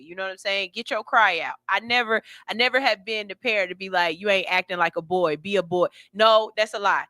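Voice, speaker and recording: Radio host lady, joking around, bright voice, dry close mic. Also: medium pitch, normal speed, few pauses, smooth, no echo. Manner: animated, joking, slangy storytelling. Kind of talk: casual radio chat reacting to clips.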